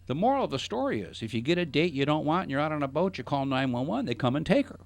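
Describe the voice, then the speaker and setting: A man's voice: on the high side, very animated, quick pace, creaky. A middle-aged man hosting a radio talk show, telling a long joking anecdote in casual chat. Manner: jokey anecdotal storyteller. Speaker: radio show host, financial advisor.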